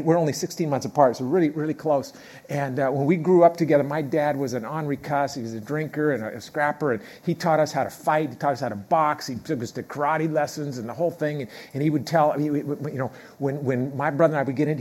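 In a church sermon, a middle-aged pastor with a fairly high voice speaks conversationally. He drops quiet, builds back up to loud, and keeps returning to key phrases.

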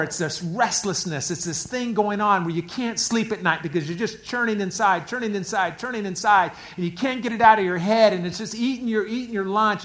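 A man preaching a sermon as a pastor, swinging between hushed, quiet passages and louder, animated stretches. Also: high voice.

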